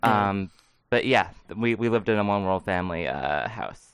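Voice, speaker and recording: A man's voice: on the low side, animated, normal speed, a bit bright, slight background noise. A man co-hosting a sports podcast, chatting casually, rambling and joking with frequent laughs. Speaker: podcast co-host.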